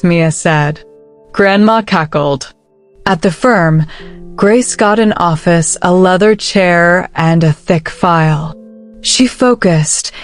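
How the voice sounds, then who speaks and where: A woman narrating a story in a measured, even delivery. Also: fairly low pitch.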